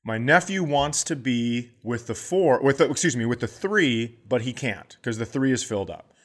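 A man's voice: mid-range voice, moderate pace. A man co-hosting a podcast, telling a comic story and acting out the other voices in it. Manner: animated, acts out quoted voices. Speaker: podcast co-host. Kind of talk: casual comedic storytelling.

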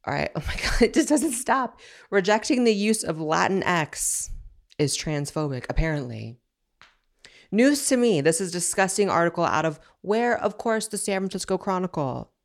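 Woman host ranting through her commentary, blunt and sarcastic, lowish voice. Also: very animated, moderate pace. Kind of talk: opinionated commentary.

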